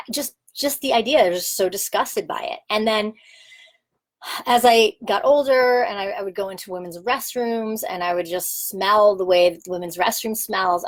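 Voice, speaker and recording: A woman with a somewhat low voice talks candidly to camera about her own experiences. Her delivery is open and reflective, loose with fillers and occasional laughter, in the manner of a sex educator addressing her community. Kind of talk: candid personal talk to camera.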